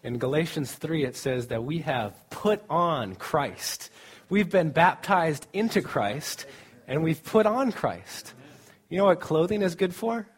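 A middle-aged man preaches at a student camp in a relaxed, joking way. His voice sits a bit high, and he takes his time, drawing out his phrases. He laughs easily between points. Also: breathy edge. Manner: joking, laughs often, slow and deliberate. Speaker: campus ministry speaker. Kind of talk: casual sermon at a student camp.

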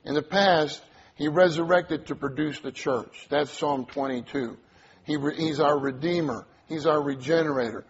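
A man's voice: a little high, moderate pace, dull audio. A man preaching a sermon, earnest, repeating key phrases and drawing responses from the congregation.

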